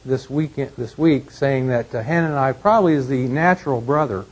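Male Bible teacher, husky voice, measured lecture delivery with restarts. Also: medium pitch, rough recording. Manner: measured, frequent restarts and fillers.

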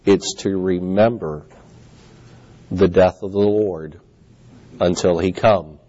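A man leading a communion service, preaching and then reading scripture slowly and deliberately, with measured pauses. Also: sits low, steady tone, warm tone. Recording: dull, lo-fi sound.

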